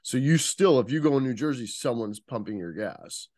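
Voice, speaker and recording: A man's voice: medium pitch, lively intonation, normal speed, a little mellow, no room sound. Man, podcast guest, instructor tone, searches for words, dry close recording. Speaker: interview guest, nonverbal communication instructor. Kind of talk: casual podcast interview.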